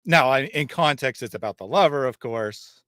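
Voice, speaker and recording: A man's voice: medium pitch, expressive, normal speed, bright, forceful tone, no room sound, clean studio sound. A man hosting a livestream, reading out chat comments and explaining in a conversational, thinking-aloud way. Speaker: channel host. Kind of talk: livestream discussion.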